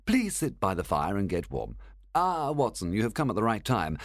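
A man voicing a calm, clever male detective who explains things precisely, in a storybook reading. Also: lowish voice, no room sound, studio quality. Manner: measured, explaining.

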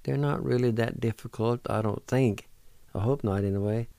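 A man hosting a radio language lesson who patiently spells words out letter by letter and sounds out each syllable, gently encouraging learners not to give up. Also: medium pitch, normal speed, gravelly, clean tone, no echo. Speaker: radio host teaching language.

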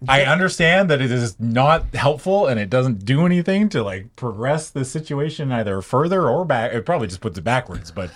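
A male streamer in casual panel chat, emphatic, with quick agreeing asides. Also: medium pitch, lively intonation.

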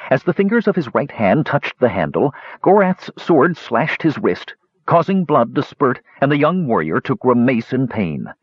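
A man narrating a fantasy story aloud in an expressive, lively reading voice. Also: mid-range voice, husky, no room sound. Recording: dull dry lo-fi recording.

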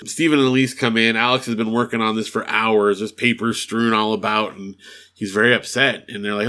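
A podcast co-host with a lowish male voice talks a little fast in a bright, forceful tone, his pitch barely moving. He casually recaps an episode, acting out the characters' lines and laughing along.

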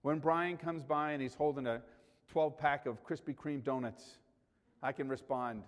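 A man preaching a sermon in a church, animated, swinging between loud calls and quiet asides, joking with the congregation. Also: mid-range voice, normal speed. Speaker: pastor. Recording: hall reverb.

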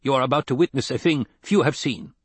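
Male reader as a measured, solemn scholar, low murmur, husky. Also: no room sound, close to an everyday voice. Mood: calm. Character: calm, cool-headed male desert scholar, quiet and solemn.

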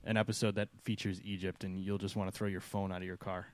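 A man's voice: low-pitched, little pitch movement, fast. A man co-hosting a casual podcast, ranting and laughing about wrestling. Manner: ranting and laughing, mimics voices. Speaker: podcast co-host. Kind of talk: casual chat.

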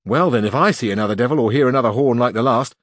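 A man's voice: mid-range voice, very fast, no room sound, natural voice. A man voicing a blunt, earthy peasant squire who speaks in proverbs, with raised, boastful delivery.

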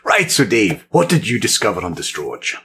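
A man's voice: fairly low pitch, big pitch swings, a little fast, sharp tone, a little hiss or hum. A man co-hosting a casual podcast, playful and full of enthusiasm. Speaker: podcast co-host. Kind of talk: casual chat.

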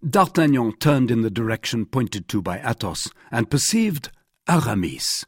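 Guy reading an old adventure novel, expressive, dry close mic. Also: mid-range voice, measured pace, slightly rough, no echo. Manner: storytelling, expressive. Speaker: audiobook narrator. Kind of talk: scripted narration.

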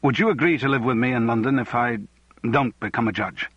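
A man's voice: mid-range voice, fairly quick, fairly bright tone, breathy edge, no room sound, highs cut off. A man voicing an earnest middle-aged barrister. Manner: earnest, self-mocking.

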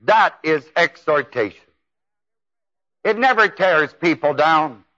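Man preaching a sermon, folksy and emphatic, higher voice, dull lo-fi tape. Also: expressive, slow pace, pushed and bright.

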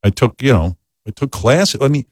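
A man's voice: mid-range voice, animated, normal speed, a little mellow, husky, no echo. A talk show host tells a profane, self-deprecating story. His voice rises and falls a lot and sits in a middle range for a man. The recording is dry and close.

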